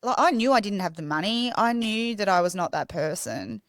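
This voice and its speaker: A woman's voice: mid-range voice, lively intonation, normal speed, no echo, clean studio sound. A young woman, a podcast guest, telling her story in a raw, confessional way with many restarts. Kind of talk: candid personal storytelling.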